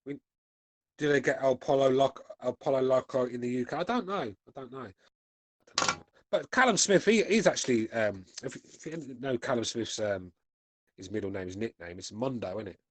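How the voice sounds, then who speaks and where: A man's voice: mid-range voice, a little fast, a little hiss or hum. A British man in his forties hosting a podcast, chatting bluntly and swearing as he reads out chat comments. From United Kingdom. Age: 40s. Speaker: podcast host reading chat. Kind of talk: casual chat.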